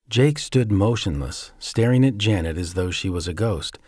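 Low-voiced male storyteller. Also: expressive, a little mellow, breathy edge, no echo, clean studio sound. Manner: measured, suspenseful reading. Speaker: narrator. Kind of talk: scripted story narration.

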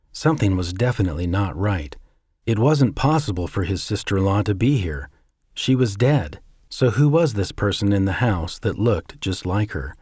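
Low-voiced male storyteller. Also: a little mellow, husky, no echo, studio quality. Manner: measured, suspenseful reading. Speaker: narrator. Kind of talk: scripted story narration.

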